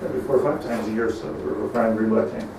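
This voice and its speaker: Echoey distant rabbi preaching. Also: male voice, fairly low pitch, quick pace, creaky, noisy background. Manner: storytelling, mixes Hebrew terms into English, rises to emphatic peaks. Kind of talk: sermon on lamentations. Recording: echoey room, mic at a distance, faint ambience.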